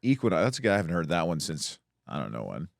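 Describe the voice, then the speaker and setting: Man, podcast co-host, low voice, dry sound, casual rambling. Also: very animated, fast, vocal fry, no room sound. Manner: laid-back, rambling with restarts. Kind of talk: comedic casual chat.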